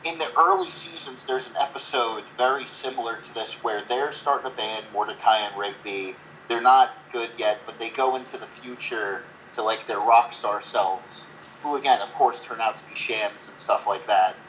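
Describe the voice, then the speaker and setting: A man's voice: medium pitch, moderate pace, bright, forceful tone, highs cut off, a little hiss or hum. A man co-hosting a casual movie review podcast, rambling with lots of fillers and swearing. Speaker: podcast co-host.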